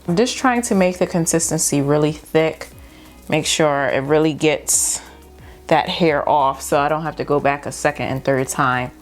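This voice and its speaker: A woman's voice: low-pitched, moderate pace, soft background music. A young woman vlogging at home, nervous and exclaiming as she talks through the steps, often saying "y'all". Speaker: beauty vlogger. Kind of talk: casual vlog narration.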